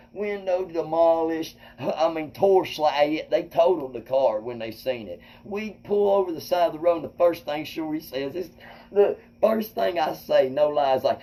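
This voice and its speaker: A man telling a wild personal story to viewers, animated and swearing, acting out quotes loudly. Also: fairly high pitch, normal speed, poor audio. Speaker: comedian host.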